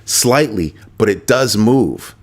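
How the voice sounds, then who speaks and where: A man with a deep, low-pitched voice hosts a casual livestream. He talks straight to his viewers in an animated, conversational way. He often repeats phrases to drive a point home. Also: slow. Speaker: host of a crypto livestream.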